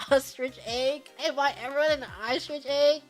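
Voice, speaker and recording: Young woman streamer, high bright voice, giggly and bubbly, reading superchats over faint music. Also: steady tone, a little slow. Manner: bubbly, giggly, sings snatches of songs. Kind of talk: casual livestream chat.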